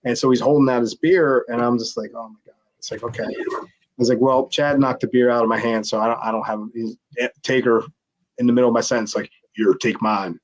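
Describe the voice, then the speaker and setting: A middle-aged former wrestler telling a long backstage story in a casual interview, rambling with many restarts and acted-out quotes. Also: male voice, medium pitch, fairly even intonation, brisk, low-quality recording. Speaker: former pro wrestler, guest.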